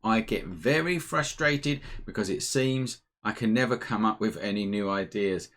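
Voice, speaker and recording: A man's voice: lowish voice, normal speed, a bit bright. Chatty man hosting a live Q&A. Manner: chatty, informal, upbeat. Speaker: photography teacher hosting a live Q&A. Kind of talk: casual live-stream chat. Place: home room, indoors.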